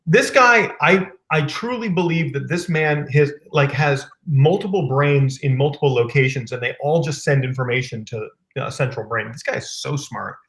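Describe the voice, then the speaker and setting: A man hosting a live business chat over a video call, enthusiastic, repeating words in quick bursts. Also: a little high, fairly bright tone. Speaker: host of a live business stream. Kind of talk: casual chat.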